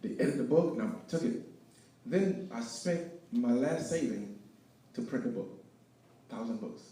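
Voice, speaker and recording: A man's voice: medium pitch, a little slow. Guy preaching his life story to a crowd, big echoey hall, mic kinda far off. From Haiti. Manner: preachy, animated storytelling with shifts between loud and hushed. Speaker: guest speaker. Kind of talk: inspirational testimony talk. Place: event hall with live audience.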